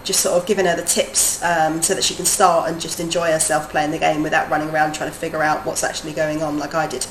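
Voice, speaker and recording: A woman's voice: sits low, fast talker, hardly any pauses. Chatty woman streamer laughing often. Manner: chatty, laughs often, drifts from soft to lively. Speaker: streamer and adult-education teacher. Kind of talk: casual live-stream chat. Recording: roomy echo, faint background noise.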